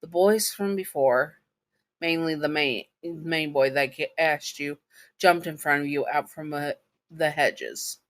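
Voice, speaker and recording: Southern woman reading a fan story out loud, stops and restarts a lot. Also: sits low. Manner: halting, with restarts and fillers. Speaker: fan fiction narrator. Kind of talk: second-person story reading.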